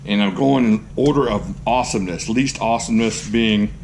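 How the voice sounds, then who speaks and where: A man hosting a casual show-and-tell vlog, gushing with excited exclamations and throwing in goofy jokes. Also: fairly low pitch, brisk, gravelly, few pauses, a little hiss or hum. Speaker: knife collector, channel host.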